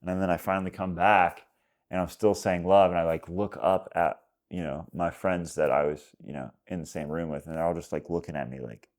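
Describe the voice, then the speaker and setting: A man's voice: deep voice, steady tone, brisk. A man as a podcast guest, recounting an experience in a rambling way with lots of "like"s. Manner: rambling storytelling, many "like"s and acted quotes. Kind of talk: casual conversation.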